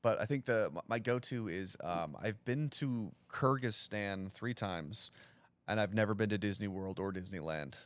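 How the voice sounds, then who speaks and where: A man talking in a relaxed, rambling way, full of self-deprecating, deadpan asides and leaning heavily on "like" as a filler. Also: fairly low pitch, normal speed, no room sound. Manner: heavy use of "like" fillers. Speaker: stand-up comedian guest. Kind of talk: casual podcast chat.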